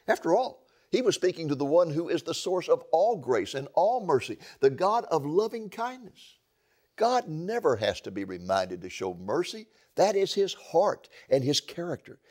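A man's voice: mid-range voice, darkish tone. A male preacher delivering a sermon, building drama with rhetorical questions.

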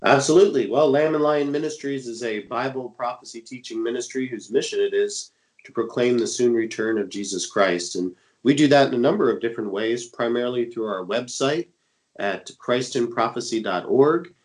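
This co-host of a religious radio show, an internet evangelist based around Dallas, Texas, speaks at a medium pitch and normal speed. A cold leaves his voice stuffy and congested, yet he talks eagerly with lots of fillers over a rough recording.

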